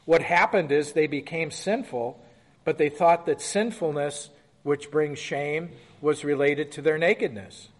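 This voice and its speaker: A man's voice: a little high, measured pace, big-room sound. A man leading a Bible study, reading scripture aloud and asking the group questions in a conversational way. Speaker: Bible teacher. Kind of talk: interactive Bible study teaching.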